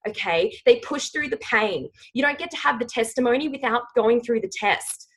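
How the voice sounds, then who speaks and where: Husky-voiced woman giving an emphatic pep talk. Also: fairly high pitch, moderate pace, poor audio. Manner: emphatic, rallying, says "okay?" often. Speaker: team leader on a training call. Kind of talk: motivational team call.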